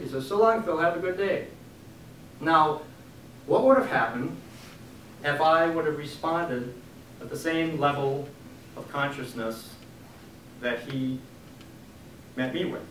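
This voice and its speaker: A man, an author giving a book reading, telling a story in an animated way and acting out the quotes. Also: a little high, moderate pace, pauses often, slight background noise. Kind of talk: storytelling talk. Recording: echoey room from a distant mic.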